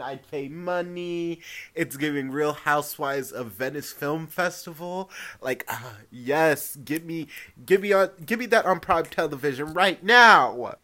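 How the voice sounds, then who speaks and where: A man with a fairly high voice runs through celebrity gossip with plenty of sass and drama. He swears freely and leans into every reaction. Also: fairly bright tone. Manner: dramatic, sassy, swears a lot. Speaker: host. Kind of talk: gossip commentary.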